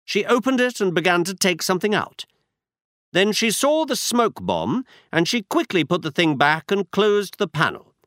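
A man voicing a shrewd, confident male detective who lays out his schemes in crisp, commanding explanations. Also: sits high, sing-song, normal speed, a bit bright, no room sound, clean studio sound, pitched above the performer's own voice. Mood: explaining.

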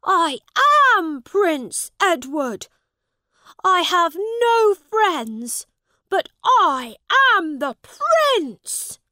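A woman's voice: extremely high pitch, very animated, very slow, sharp tone, no room sound, voice pushed up, full character voice. A woman voicing a desperate young boy prince in rags, insisting and close to tears.

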